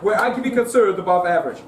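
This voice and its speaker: A man in his twenties from Russia with a Russian accent, doing a dry, deadpan stand-up set and teasing the crowd. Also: high-pitched. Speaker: stand-up comedian. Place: comedy club stage with a laughing audience. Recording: roomy, distant live club recording with crowd noise.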